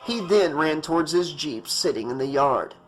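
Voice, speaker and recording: Guy reading a slasher audiobook, kinda high voice, dramatic, faint music behind. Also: lively intonation, moderate pace, a bit bright, poor audio. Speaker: audiobook narrator.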